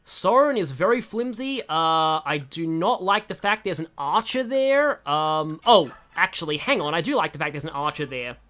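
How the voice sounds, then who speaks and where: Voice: medium pitch, big pitch swings, normal speed, few pauses, a bit bright. A young adult streamer giving casual, rambling gameplay commentary, often breaking off mid-sentence. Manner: rambling, chatty, self-interrupting. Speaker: gaming streamer.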